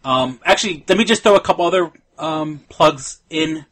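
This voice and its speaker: A man's voice: on the high side, moderate pace, a bit bright. A man co-hosting a casual podcast, rambling through plugs and stories with many ums and restarts. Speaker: podcast co-host. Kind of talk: casual chat.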